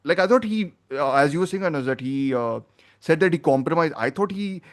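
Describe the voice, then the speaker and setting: Male podcast host, slightly high voice, opinionated, thinks out loud. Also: expressive, brisk. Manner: rambling, opinionated, thinks aloud. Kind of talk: casual film review chat.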